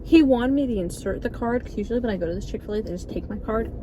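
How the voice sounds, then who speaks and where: Sarcastic young woman vlogger, higher voice. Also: quick pace, background noise. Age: early 20s. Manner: sarcastic, dramatic storytelling. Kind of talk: casual mukbang chat.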